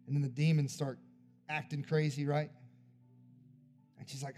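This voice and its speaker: A man preaching at a church service, his voice pitched a little high but warm and mellow in tone. He leads an altar call in an earnest, pleading way, then lifts into fervent spoken prayer. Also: level tone, normal speed, soft background music. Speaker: pastor.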